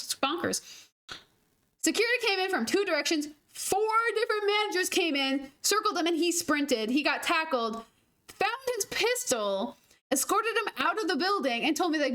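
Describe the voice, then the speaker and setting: Young girl gamer, high voice, just rambling stories, laughs and cusses a lot. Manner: chatty, animated, laughs and swears freely. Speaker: gaming streamer. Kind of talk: casual storytelling while gaming.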